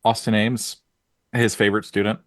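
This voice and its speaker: A man's voice: fairly low pitch, little pitch movement, moderate pace, dry recording. A man playing a tabletop role-play game, sarcastic and teasing. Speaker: player.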